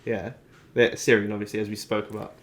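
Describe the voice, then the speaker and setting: A man's voice: on the low side, little pitch movement, fast, fairly bright tone. A young man, co-hosting a casual podcast chat, joking and laughing often. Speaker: podcast co-host.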